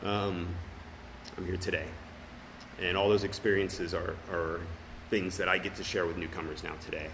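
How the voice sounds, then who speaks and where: A man's voice: low voice, flat delivery, normal speed, noisy background. A middle-aged man sharing his recovery story as personal testimony at a meeting, earnest and full of fillers and restarts.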